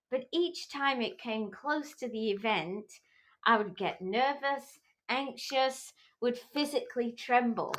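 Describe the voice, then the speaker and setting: A middle-aged woman hosting a podcast, talking slowly and earnestly in an encouraging motivational tone. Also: on the high side, fairly bright tone, rough recording. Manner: slow, earnest and encouraging, with small restarts. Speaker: podcast host. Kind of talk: motivational talk.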